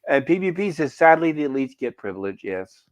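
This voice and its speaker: A man's voice: on the high side, big pitch swings, brisk. A man chatting casually on a game stream, rambling, with many restarts and asides, reading out viewer comments.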